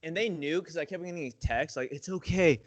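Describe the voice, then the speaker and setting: Higher-voiced slangy young man, dry sound. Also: fairly quick, dry recording. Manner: slangy, swears a lot, says dude and bro. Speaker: podcast co-host. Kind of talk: casual chat.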